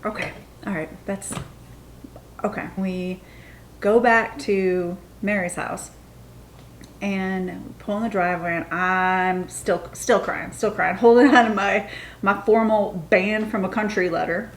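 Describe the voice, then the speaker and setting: A woman's voice: medium pitch, slow pace, slight background noise. A woman in her thirties from the United States, telling a story in a casual, chatty way and acting out the quotes. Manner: chatty, animated, acts out the quotes. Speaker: storytime vlogger.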